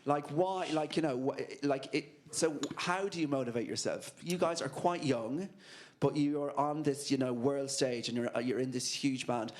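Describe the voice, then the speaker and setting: A man's voice: medium pitch, moderate pace. A man with a British accent interviewing, asking chatty questions full of fillers. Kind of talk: casual interview.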